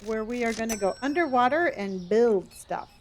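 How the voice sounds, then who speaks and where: A woman's voice: on the high side, expressive, normal speed, slight background noise. A woman streaming a game, chatting casually, giving playful running commentary and thanking viewers by name, calling them honey and dear. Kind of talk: casual live-stream chat while playing.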